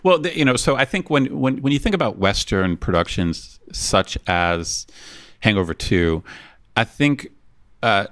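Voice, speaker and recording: A man's voice: lowish voice, expressive, a little slow, a bit bright. A man co-hosting a casual podcast, talking in a thoughtful, hesitant way with many restarts. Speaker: podcast co-host.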